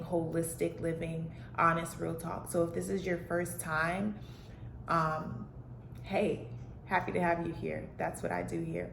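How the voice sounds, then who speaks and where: A woman's voice: fairly low pitch, vocal fry, reverberant, slight background noise. A woman talking to her own camera alone at home, candid and rambling in a casual, heartfelt vlog style with many fillers. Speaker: vlogger on healing and mental health. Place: alone in a room at home with plants and a dog. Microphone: self-recorded camera.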